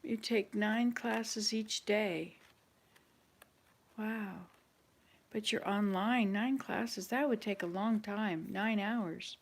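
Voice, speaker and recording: Speaking slowly at a medium pitch, a channel host chats casually with people watching online. She muses aloud and falters now and then while trying to recall things.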